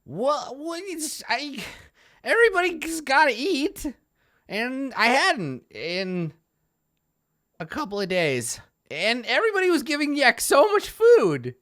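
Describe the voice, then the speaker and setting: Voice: big pitch swings, slow, fairly bright tone, heavily acted. A game master voicing a scrawny, half-starved female goblin, brash and pushy, in a tabletop game. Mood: pleading. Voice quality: very high, squeaky. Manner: brassy and pushy.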